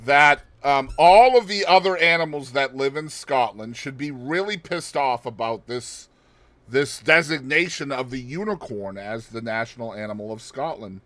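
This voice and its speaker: A man's voice: mid-range voice, moderate pace, a bit bright, no room sound. A man co-hosting a podcast in casual chat, rambling and joking with puns and asides. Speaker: podcast co-host.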